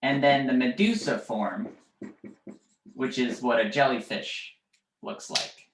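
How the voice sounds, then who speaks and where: A man's voice: mid-range voice, takes it slowly, background noise. A man teaching a biology class, explaining step by step with frequent fillers and checking questions to his students. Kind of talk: classroom lecture. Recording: echoey classroom.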